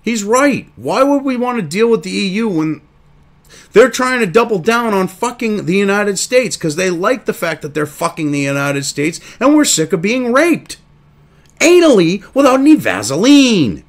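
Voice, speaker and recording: A man's voice: sits high, big pitch swings, normal speed. A man hosting a crude, indignant commentary show, reading news excerpts aloud and then ranting about them. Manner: reads article excerpts then reacts.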